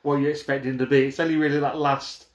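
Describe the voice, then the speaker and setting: A man's voice: mid-range voice, level tone, fast. Upbeat man in an echoey room. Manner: upbeat, laughing, enthusiastic. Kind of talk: casual film review chat. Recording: roomy echo.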